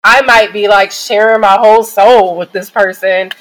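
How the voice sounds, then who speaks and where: A woman's voice: mid-range voice, steady tone, normal speed, a little hiss or hum, low-quality recording. A woman from Detroit, a podcast guest, talking reflectively with many fillers and acting out other people's replies. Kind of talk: conversational interview.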